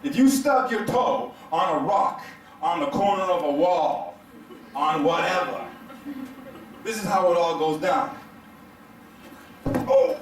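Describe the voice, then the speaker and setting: A man doing stand-up comedy to a live crowd, telling a story in an animated, profane way and laughing through his lines. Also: high voice, a little hiss or hum. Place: hotel event room stage. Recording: echoey room, mic heard from a distance.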